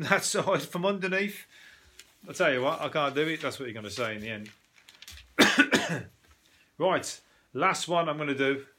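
Sweary bright-voiced British man. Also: a little high. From Britain. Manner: sweary, animated, laughing asides. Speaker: podcast host. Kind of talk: casual news rant.

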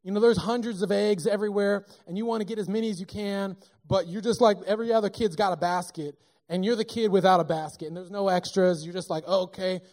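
A man preaching a sermon in a church, talking in a lively, conversational and joking way. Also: high voice, quick pace. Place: church sanctuary.

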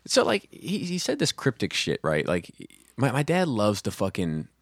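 Animated, swearing podcast host. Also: male voice, medium pitch, normal speed, dry recording, clean studio sound. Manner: swearing, animated, stammering restarts. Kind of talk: casual podcast chat.

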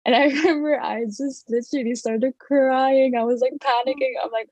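A woman's voice: a little high, fairly even intonation, fairly quick, few pauses, a little mellow, dry recording, muffled recording. Young woman, dental student, casual storytelling, chatty, dry close sound. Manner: chatty, lots of fillers and quoted thoughts.

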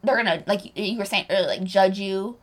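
A woman's voice: medium pitch, fast. A woman co-hosting a podcast in casual chat, telling stories animatedly, acting out quotes and laughing often. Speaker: podcast co-host.

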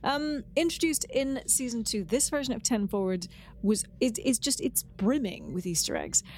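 A woman co-hosting a podcast, chatting casually and enthusiastically with lively asides. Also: a little high, moderate pace, a little hiss or hum. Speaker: podcast co-host.

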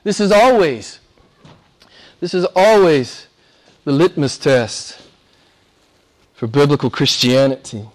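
A man preaching a sermon with passion, shifting from loud, ringing declarations to hushed whispers. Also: a little high, expressive, slow pace, pauses often. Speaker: pastor.

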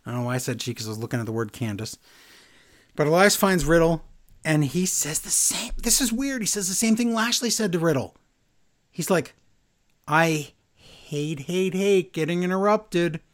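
A man's voice: fairly high pitch, a little fast. A man co-hosting a casual chat, recapping events and acting out quotes with playful voices. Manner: animated, acts out quotes in voices. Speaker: podcast co-host recapping wrestling.

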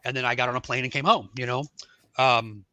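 A man's voice: mid-range voice, steady tone, brisk, pushed and bright, dry recording, muffled recording. A man, an Army veteran and podcast guest, telling his testimony in a casual, rambling way, full of "like" and "you know".

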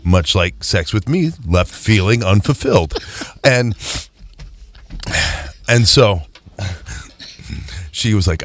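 A man co-hosting a casual chat, tossing out deadpan jokes. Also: on the low side, slow pace, pauses often. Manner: joking, deadpan asides.

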